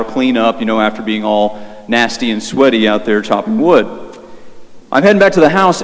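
A young male priest gives a sermon in a loose, storytelling way, full of "you know" and restarts. His voice sits mid-pitch and carries a long reverb from the church around him. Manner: conversational, many fillers and restarts. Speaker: Catholic priest.

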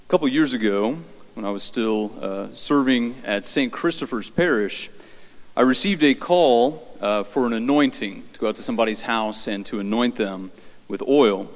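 A man, a Catholic priest, giving a conversational homily with halting fillers and repeats, in a church with long reverb. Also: medium pitch. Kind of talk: homily storytelling.

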